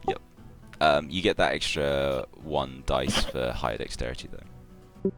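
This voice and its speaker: A man's voice: extremely low pitch, measured pace, fairly bright tone, faint music behind. A man narrating as game master of a tabletop game, rambling loosely with many fillers.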